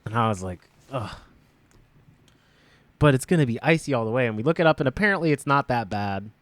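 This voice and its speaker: A young man tells a rambling story on a casual podcast, breaking into laughs and acting out the lines of the people in it. His voice sits at an ordinary pitch for a man. The sound is dry and close to the mic. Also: lively intonation, a little fast, no room sound. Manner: rambling, laughs often, acts out quotes. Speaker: podcast co-host.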